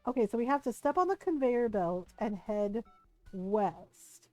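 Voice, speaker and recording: A woman streamer chatting casually while playing a game, animated and swearing freely. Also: on the high side, measured pace, faint music behind, poor audio. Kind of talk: casual gameplay commentary.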